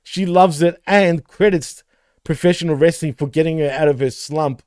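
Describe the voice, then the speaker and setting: A man's voice: a little high, normal speed, a little mellow, no echo, clean studio sound. A man co-hosting a wrestling podcast in casual chat, laughing often and swearing freely. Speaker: podcast co-host.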